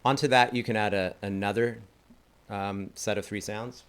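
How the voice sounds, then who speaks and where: A man's voice: lowish voice, fairly even intonation, moderate pace, smooth. A man teaching a didgeridoo lesson in a casual, enthusiastic way, chatting and laughing at his own slips. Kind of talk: casual instructional talk.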